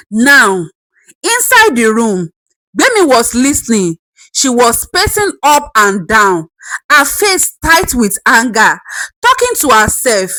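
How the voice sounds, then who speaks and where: A woman tells a folktale with drama and asides to the listener. Her voice is high with wide, expressive swings, and she takes her time. The recording is close and dry. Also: takes it slowly, no echo, rough recording. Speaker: storyteller.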